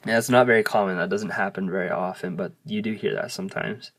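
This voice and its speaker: This language teacher's voice is deep, steady, and fairly bright. A native English speaker, he takes his time in a casual video lesson, patiently explaining and demonstrating vowel sounds.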